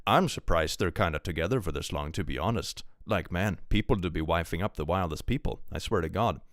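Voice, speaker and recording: Deep-voiced man chatting on a stream. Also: fairly quick, a bit bright, dry recording, clean studio sound. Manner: chatty, rambling, laughs often, reads posts aloud. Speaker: streamer reacting to online posts. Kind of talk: casual live-stream commentary.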